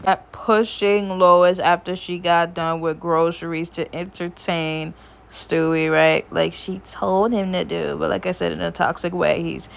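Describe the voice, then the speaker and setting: A woman's voice: lowish voice, little pitch movement, measured pace, vocal fry. A woman casually recapping a cartoon episode, rambling and swearing freely as she chats. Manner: rambling, profane, chatty. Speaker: YouTuber reviewing a cartoon episode.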